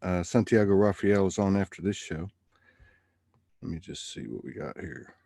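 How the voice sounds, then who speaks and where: A livestream host chats loosely about spiritual matters, rambling through his thoughts on a live show. His low voice is animated, creaky and mellow, at normal speed with no echo.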